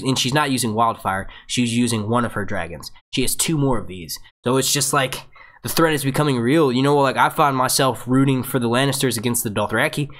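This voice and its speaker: A man's voice: medium pitch, a bit bright. A man hosting a fan review show, rambling through a live question-and-answer breakdown, reading out viewer questions and restarting his sentences. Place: home setup, phone nearby.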